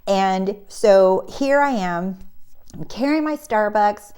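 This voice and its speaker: A woman coaching on manifestation, telling a personal story in a casual, animated way and acting out the people in it. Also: medium pitch, takes it slowly, smooth. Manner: animated, acts out the voices of people in her story; breaks into laughter mid-sentence. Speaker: manifestation coach and channel host.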